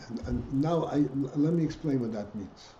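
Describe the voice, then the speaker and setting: The rabbi's voice is mid-range and dark, moving at a normal speed as he teaches Hasidic texts. He halts and restarts often and asks his students rhetorical questions, captured in a dull, echoing room with slight noise.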